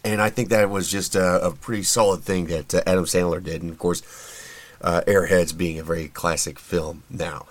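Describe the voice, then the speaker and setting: Low-voiced man rambling. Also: steady tone, moderate pace. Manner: chatty and opinionated, with frequent fillers and restarts. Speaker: podcast host. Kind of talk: casual solo commentary.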